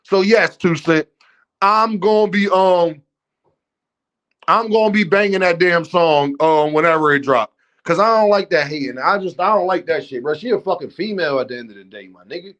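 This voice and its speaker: High-voiced man ranting on a livestream. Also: moderate pace, fairly bright tone, muffled recording. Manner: blunt, profane and heated; talks straight to his chat. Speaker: livestream host. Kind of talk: unscripted livestream rant.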